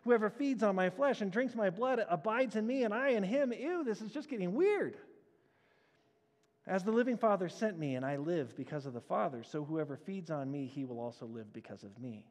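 A man preaching a sermon as a pastor, animated and acting out the crowd's reactions. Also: high voice, a little fast, hardly any pauses, big-room sound. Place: church sanctuary.

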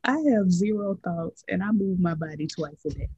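Low husky sassy woman co-host. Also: warm tone, dry recording, rough recording. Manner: sassy, drawling, quick to laugh. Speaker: podcast co-host. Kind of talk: casual chat, reading headlines.

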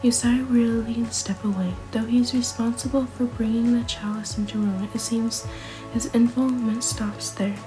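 A woman narrating an interactive story in a soft, hushed, second-person whispered role-play. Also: on the high side, fairly even intonation, normal speed, over music, low-quality recording.

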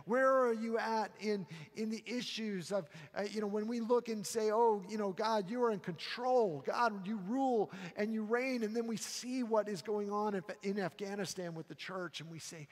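A man preaching a sermon in a casual, halting way, often repeating words as he gathers his thoughts. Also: sits high, steady tone, long reverb tail. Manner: conversational, halting with frequent repeats. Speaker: pastor.

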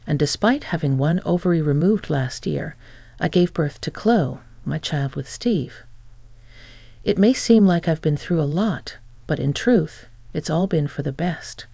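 Woman narrator, sarcastic and mocking, gravelly voice, dry close sound. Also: low-pitched, animated, normal speed, mellow, no room sound. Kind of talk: scripted first-person story narration.

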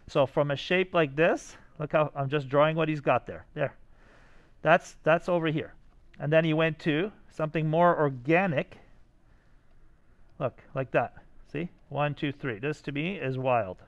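An excited man teaches a design class, talking his students through their sketches. His voice sits a bit high. He keeps checking in with them, asking whether they get it. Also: a little slow, pauses often, highs cut off. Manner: enthusiastic, talks to students directly with many "right?" checks.

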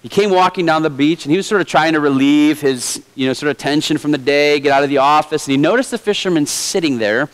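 A man's voice: a little high, low-quality recording. A male pastor preaching a sermon in a conversational way with light humor. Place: church.

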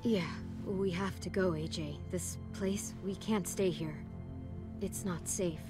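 An actress voicing a protective teenage girl survivor in a video game, speaking softly and steadily. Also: fairly low pitch, fairly even intonation, slow, music in the background. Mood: resolute. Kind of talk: game cutscene acting. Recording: game audio over loud score.

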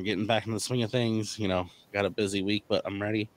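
A man's voice: lowish voice, fairly even intonation, fast, low-quality recording. A man hosting a casual podcast who rambles and stumbles, with many fillers. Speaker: podcast host.

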